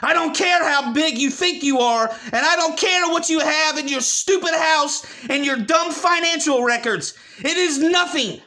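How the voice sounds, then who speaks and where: A man delivering a furious, profane rant, often breaking into shouts. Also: very high voice, normal speed, hardly any pauses. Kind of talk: angry rant.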